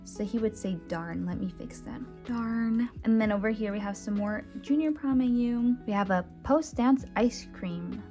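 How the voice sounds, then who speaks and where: Speaking at a moderate pace with hardly any pauses, a woman with a mellow, mid-range voice offers casual voice-over commentary on her sketchbook. As an artist showing her work, she is chatty and rambling, full of fillers and restarts, over faint background music.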